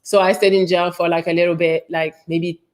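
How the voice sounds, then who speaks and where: A woman's voice: on the low side, little pitch movement, brisk, a little mellow. A woman host casually telling a personal story, candid, swearing freely and using lots of fillers.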